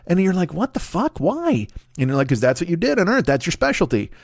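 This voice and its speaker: A middle-aged man riffs alone into a close, dry microphone, rambling and swearing as he spins out a comic bit. His pitch leaps around animatedly as he slips into quick put-on voices, and his voice sits a bit higher than most men's. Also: sing-song, vocal fry, no room sound. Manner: rambling, profane, acts out characters in put-on voices. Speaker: comedy podcast host. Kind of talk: solo comedic monologue.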